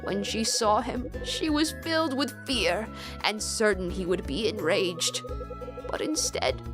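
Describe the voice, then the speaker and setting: A woman voicing a gentle older woman, a retired stage performer, telling a story in a soft, measured way while reading a game aloud. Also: mid-range voice, animated, over music, lightly acted. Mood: wistful.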